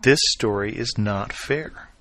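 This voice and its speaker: Expressive male preacher, dry close sound. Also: lowish voice, takes it slowly, no room sound. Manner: expressive storytelling, swings from loud to quiet. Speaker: pastor. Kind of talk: sermon.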